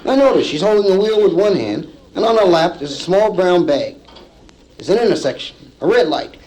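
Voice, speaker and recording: A male stand-up comedian telling a story to a live audience, acting out the people in it with lively punchlines, from an old vinyl comedy album. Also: sits high, a little fast, poor audio. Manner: acts out characters in the story, lively punchline delivery. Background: audience laughter.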